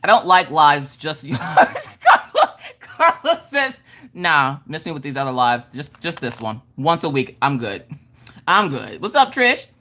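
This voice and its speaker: A middle-aged woman hosting a craft livestream, chatting casually and reading out viewer comments. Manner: animated, swinging between squeals and low mutters.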